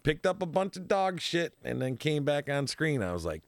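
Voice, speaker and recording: Guy with a raspy fry voice, a bit high, rambling story with lots of restarts, laughs a lot. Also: sing-song, normal speed, no echo. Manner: rambling, repeats himself, laughs often.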